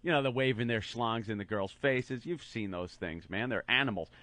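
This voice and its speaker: A man co-hosting a radio show, telling a crude story with animated delivery and mocking put-on voices. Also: medium pitch, normal speed, no echo. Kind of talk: crude comedic radio banter.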